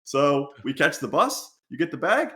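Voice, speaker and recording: A man's voice: fairly high pitch, normal speed, roomy sound. A man hosting a podcast in casual chat, telling stories animatedly and acting out what people said. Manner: animated storytelling, acts out quotes. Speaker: podcast host.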